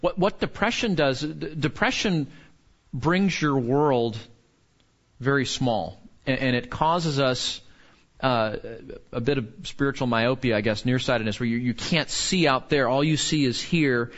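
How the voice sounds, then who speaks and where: A man's voice: mid-range voice, a little slow, a bit bright. A man teaching a Bible class in an earnest, questioning way, drawing answers from the group. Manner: earnest, asks the room questions, frequent restarts. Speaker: pastor or teacher. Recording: dull lo-fi recording.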